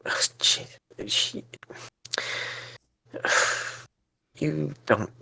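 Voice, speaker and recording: A man's voice: fairly high pitch, extremely slow, gravelly, pushed and bright, slightly rough, no room sound, whispered. A man role-playing a flustered, anxious character in a tabletop game, stammering as he talks. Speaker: player.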